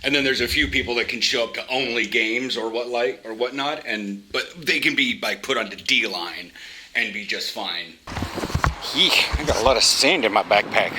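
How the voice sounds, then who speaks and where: A man's voice: normal speed, rough recording. Chatty man vlogging outdoors over street noise. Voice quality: loud booming voice. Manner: chatty, joking, swears often. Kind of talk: casual walking vlog chat. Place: outdoors in a city and a park. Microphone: handheld camera. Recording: street noise and passing traffic. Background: traffic and trams.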